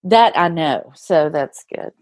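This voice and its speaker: A woman's voice: low-pitched, expressive, slow, darkish tone, no room sound. Agreeable woman co-host, dry sound. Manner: agreeable, many affirming murmurs. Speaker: podcast co-host. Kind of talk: casual interview chat.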